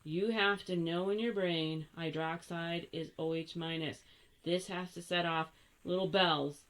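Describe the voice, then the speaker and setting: An older woman walks through a chemistry lesson at an unhurried, slow pace. Her voice sits a little low, and she talks in a chatty, playful way, catching and fixing her own slips. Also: steady tone, fairly bright tone. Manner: chatty, self-correcting, playful asides. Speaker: chemistry teacher. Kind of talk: recorded classroom lesson.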